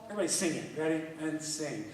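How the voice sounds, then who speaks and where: Energetic man coaching an orchestra in an echoey hall. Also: a little high, recorded from a distance, a little hiss or hum. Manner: energetic, encouraging, quick bursts of praise. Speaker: orchestra clinician.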